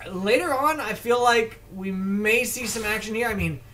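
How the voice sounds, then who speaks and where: A man's voice: sits high, moderate pace, sharp tone, a little hiss or hum. A man casting a video game match alone, in a casual, rambling way, often stumbling over player names. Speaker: esports shoutcaster. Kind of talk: solo video game commentary.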